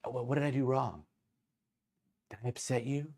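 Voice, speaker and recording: A man's voice: medium pitch, normal speed, creaky, darkish tone, pitched above the performer's own voice. A man voicing a young woman bartender who pleads and stammers, a bully putting on a sweet server manner. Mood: pleading.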